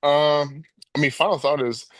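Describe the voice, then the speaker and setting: A man's voice: on the high side, steady tone, moderate pace, no room sound. A man co-hosting a sports call-in show, talking casually and rambling with many restarts and laughs.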